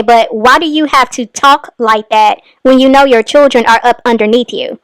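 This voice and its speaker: Woman reaction host, high and smooth, scolding tone. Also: moderate pace, hardly any pauses, a bit bright, no room sound. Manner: exasperated, scolding. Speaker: commentary host. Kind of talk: reaction commentary.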